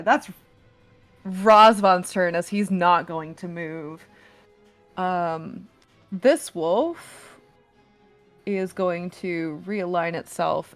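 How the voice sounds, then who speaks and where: A woman narrating as game master of a tabletop game, unhurried, with many fillers and restarts. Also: on the low side.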